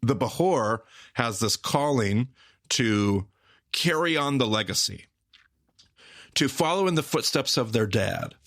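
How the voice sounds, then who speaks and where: A man hosting a podcast, explaining Bible stories with emphatic, repetitive phrasing that speeds up and slows down. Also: mid-range voice, gravelly, a bit bright, dry recording, clean studio sound. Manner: emphatic, repetitive, with rapid bursts and slow stressed phrases. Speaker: podcast host teaching the Bible. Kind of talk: animated teaching conversation.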